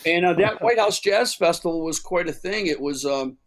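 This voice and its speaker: A man's voice: high-pitched, lively intonation, normal speed. A man from Chicago, a musician guest, telling stories in a casual interview with many fillers and restarts.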